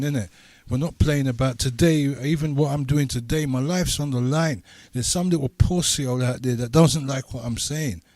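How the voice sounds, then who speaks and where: A man hosting a radio talk show, speaking bluntly and forcefully with street slang. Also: medium pitch, no room sound.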